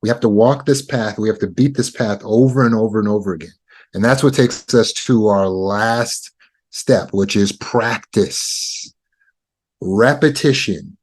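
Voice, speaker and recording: A man's voice: on the low side, measured pace. A man giving a self-help lesson on overcoming insecurity. He walks the listener through the steps one at a time and repeats his key points. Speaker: trauma recovery teacher. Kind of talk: self-help teaching talk.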